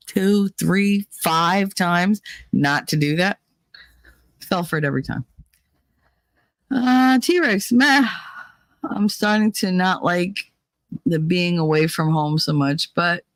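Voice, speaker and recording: A woman's voice: on the low side, dry recording. A woman chatting casually on a livestream, swearing freely as she tells stories and answers chat. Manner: profane, storytelling, mimics others in quotes. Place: away from home, traveling.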